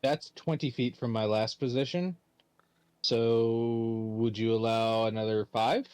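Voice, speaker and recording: Male player, mid-pitched, dry close sound, playful and rules-minded. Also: steady tone, unhurried, a little mellow, clear, resonant tone, no room sound. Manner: playful, asks rules questions, counts movement aloud. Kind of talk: tabletop game play over a call.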